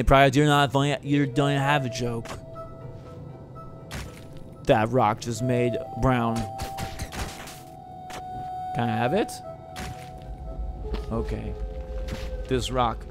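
Slow, goofy man narrating a game. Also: mid-range voice. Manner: goofy, rambling, talks to game characters. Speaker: gamer playing through a game. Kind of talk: playful game commentary with improvised character lines.

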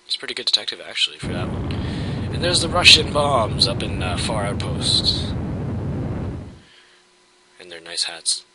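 A man's voice: lowish voice, big pitch swings, normal speed, pauses often, very noisy. A man giving casual, wry commentary over a video game playthrough. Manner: wry, joking. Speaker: let's play commentator.

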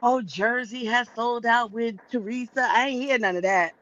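A woman's voice: a little high, moderate pace, a bit bright, no room sound, muffled recording. A woman guest on a livestream, giving blunt, opinionated takes in casual chat.

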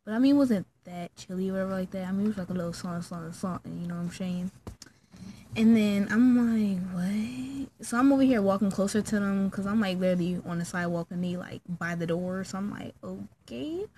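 Talking fast over a faint hiss or hum, a young vlogger shares a story from when she was a kid. She performs the people in it, herself and her friends included, with abrupt, squeaky high-pitched voices.

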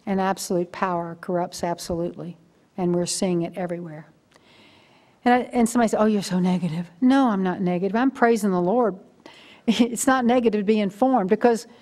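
A woman's voice: medium pitch, darkish tone. Brief: older female guest preacher, chatty storytelling sermon delivery.

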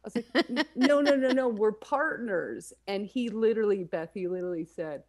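A woman comedian telling a comic story over a video call, acting out the dialogue with animated delivery. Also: mid-range voice, brisk.

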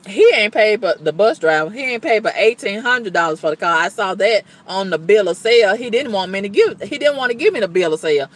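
Emphatic woman venting with a lively pitch. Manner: emphatic, exasperated storytelling with repeated exclamations; colloquial, blunt talk with cussing. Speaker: vlogger. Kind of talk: venting monologue to camera.

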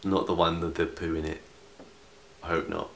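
Young man reading a story aloud, sarcastic asides, lowish voice, echoey room. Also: level tone, normal speed, a little hiss or hum. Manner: sarcastic, interrupts himself with asides. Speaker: vlogger. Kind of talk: comedic fan fiction reading. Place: room in grandparents' house.

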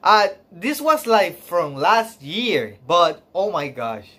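Man streaming a reaction, slow-talking, swings up and down in pitch, gushing, close to tears, halting with lots of fillers. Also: sing-song, bright, forceful tone. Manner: halting, filler-heavy speech with sighs and laughs.

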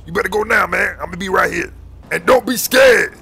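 A man's voice: high-pitched, steady tone, rapid-fire, creaky, sharp tone, husky, heavily acted. A man voicing a bossy street gang recruiter, full of slang, constantly calling others boy and man. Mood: commanding.

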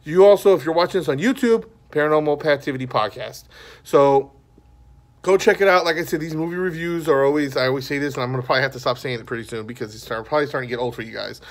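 Male podcast host, slightly high voice, casual and meandering review monologue. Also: fast. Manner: rambling and conversational.

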